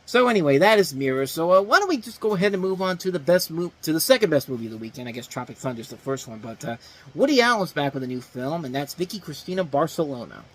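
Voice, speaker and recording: A man's voice: a little high, lively intonation, fast talker. A man hosting a casual film review show, rambling through his opinions with many fillers and restarts. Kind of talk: casual spoken movie review.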